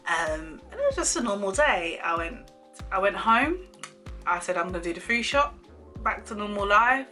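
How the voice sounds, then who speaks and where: A young woman with a bright, forward voice tells a personal story straight to camera. She is animated, laughs often and acts out what people said, with faint music behind her. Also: mid-range voice, normal speed. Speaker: vlogger. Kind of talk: casual storytime chat.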